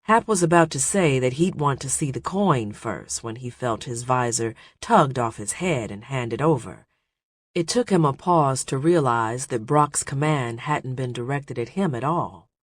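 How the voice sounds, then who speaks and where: A male audiobook narrator reading an adventure novel in a steady, measured storytelling voice. He takes an unhurried, slow pace. The recording is close and completely dry. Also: medium pitch, dry recording. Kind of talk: scripted narration.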